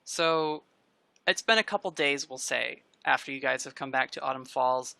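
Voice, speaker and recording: A woman narrating as game master of a tabletop game, in a relaxed, chatty way. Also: rumbling low, vocal fry, no room sound. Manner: relaxed, chatty narration with quick voiced asides.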